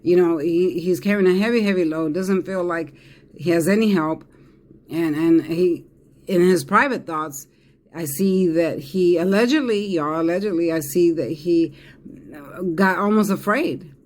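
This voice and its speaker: A tarot reader with a high-sitting voice gives a casual reading at an unhurried pace. He speaks emphatically, repeating himself, with fillers and restarts.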